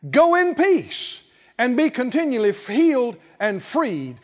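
Solemn, tender teacher, a preacher voicing him. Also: male voice, very high voice, huge pitch swings, slow pace, heavily acted. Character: gentle, authoritative male teacher blessing a woman. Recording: dull sound with long hall reverb.

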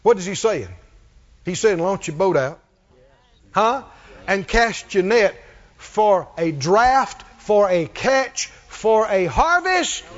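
High-voiced preacher in a hall. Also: male voice, very animated, takes it slowly. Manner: call-and-response with congregation; repeats phrases for emphasis. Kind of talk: sermon. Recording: dull audio in a reverberant hall.

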